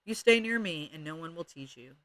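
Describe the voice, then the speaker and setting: A man voicing a calm, soothing kindergarten teacher. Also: a little high, fairly quick, no echo, poor audio. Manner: soothing, a little absent-minded.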